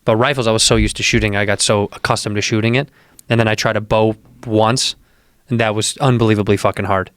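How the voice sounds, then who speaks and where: A young adult man, a podcast guest, telling stories in a quick, joking and profane way. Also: lowish voice, steady tone, a bit bright, smooth, no room sound, clean studio sound. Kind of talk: casual chat. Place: studio.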